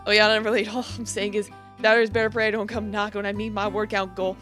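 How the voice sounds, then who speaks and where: A woman's voice: mid-range voice, fast, a bit bright, faint music behind. A woman streamer chatting with viewers and reading a game aloud, giggly and chatty. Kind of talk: casual gaming commentary and reading aloud.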